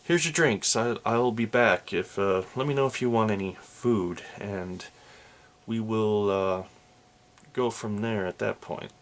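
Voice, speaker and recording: A man voicing a chatty female innkeeper in a tabletop game, in a raised voice with hesitant ums. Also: fairly low pitch. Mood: friendly. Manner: hesitant, fills pauses with ums. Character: chatty female tavern innkeeper, middle-aged.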